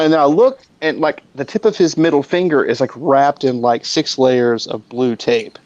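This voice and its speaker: A man casually telling a funny workplace story on a live stream, lively and swearing freely. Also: fairly high pitch, normal speed, no room sound, highs cut off.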